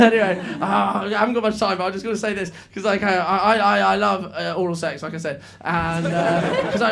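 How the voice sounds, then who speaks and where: Man, stand-up comedian, fairly high voice; chatty, stumbling delivery on a handheld mic in a club with heavy noise. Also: vocal fry. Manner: chatty, self-mocking, stumbles and laughs mid-line. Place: comedy club stage, audience laughing. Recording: live club audio with loud crowd laughter and noise.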